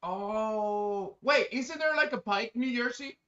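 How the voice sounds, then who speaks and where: Male streamer, high and bright, rambling and excitable chat, lo-fi dull stream mic. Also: slow. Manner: excitable, bursts into loud exclamations; chatty, rambling, many fillers. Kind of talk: casual live-stream chat.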